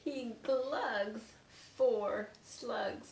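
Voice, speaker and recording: Slow, expressive woman reading aloud. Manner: expressive read-aloud with big pitch swings. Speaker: teacher. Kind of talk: reading a picture book aloud to children. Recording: roomy sound with faint noise.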